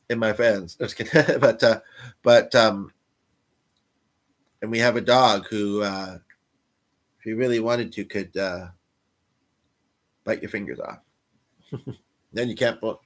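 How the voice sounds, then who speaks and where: A man talks casually to the viewers of his livestream and answers them as they write in. He wanders from thought to thought and chuckles at himself often, in a voice of ordinary pitch. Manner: rambling, chuckling, self-deprecating.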